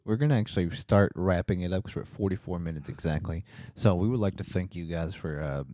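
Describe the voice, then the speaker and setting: A young man co-hosting a casual podcast, full of profane quips. His voice sits somewhat low. The sound is dry and close to the mic. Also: fast talker, warm tone, dry recording. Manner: wisecracking, profane banter. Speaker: podcast co-host. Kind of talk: casual chat.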